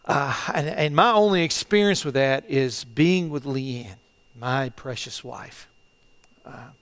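A middle-aged man preaching a sermon as pastor, earnest and halting, often repeating phrases and swinging between loud and hushed delivery. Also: mid-range voice, clean tone. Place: church, online service.

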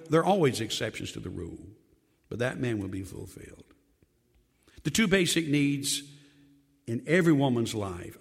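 An older man, a pastor of many years, preaching a sermon that swings from loud emphatic lines to quiet low drops, with joking asides. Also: vocal fry, slightly rough, long reverb tail.

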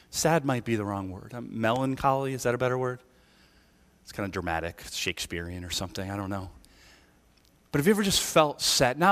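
A man's voice: mid-range voice, fairly bright tone, in a large hall. A man preaching a conversational sermon as pastor, chatty and informal, often checking in with "right?". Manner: chatty, keeps asking "right?". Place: church sanctuary.

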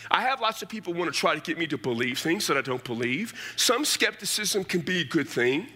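A middle-aged pastor with a higher, fairly quick voice preaches a sermon. He tells stories in an animated way, adding casual asides.

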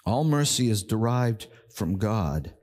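An older man preaching a sermon as pastor, emphatic, slowing down and repeating key words to drive them home. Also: lowish voice, very animated, a little mellow.

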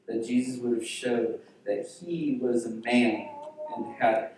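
Male pastor, slow dramatic storytelling sermon, voice distant in a very echoey church hall. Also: medium pitch, steady tone, crowd noise. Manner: dramatic storytelling, acting out quotes with hushed drops.

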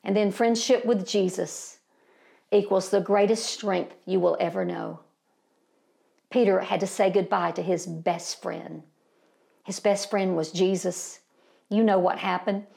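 A woman's voice: medium pitch, vocal fry, darkish tone. An older woman preaching a sermon, impassioned and folksy, rising to emphatic peaks and calling her listeners beloved and family.

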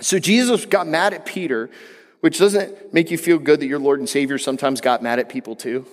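A man's voice: fairly high pitch, fairly quick. A man preaching a sermon in a conversational way, mixing jokes with emphatic, rising passages. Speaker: pastor. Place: church hall. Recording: long hall reverb.

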